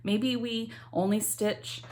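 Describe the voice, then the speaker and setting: Slow, chatty woman vlogger. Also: mid-range voice, fairly even intonation. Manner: chatty, rambling, many ums. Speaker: cross stitch vlogger. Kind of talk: casual chat to camera.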